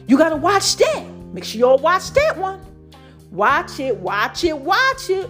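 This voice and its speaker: Playful woman vlogger, high voice. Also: sing-song, measured pace, faint music behind. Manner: playful, laughing, acts out little voices. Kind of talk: casual motivational talk to viewers.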